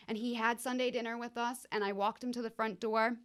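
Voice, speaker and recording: A woman's voice: fairly high pitch, steady tone, brisk, few pauses. A young woman, a wellness coach and podcast guest, chatting candidly, swearing freely and acting out quoted speech with big swings. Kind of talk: casual podcast chat.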